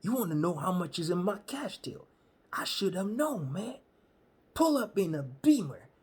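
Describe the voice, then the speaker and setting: A man's voice: sits high, very animated, normal speed, husky, heavily acted. A man doing a grumpy old ranting barber. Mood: suspicious. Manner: loud, accusing, rambling rant in casual slang. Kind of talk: stand-up storytelling.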